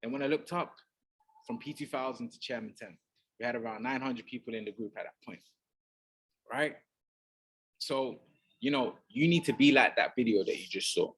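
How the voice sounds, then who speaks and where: Husky man giving a motivational talk. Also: mid-range voice. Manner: emphatic, keeps adding "right?". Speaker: business mentor.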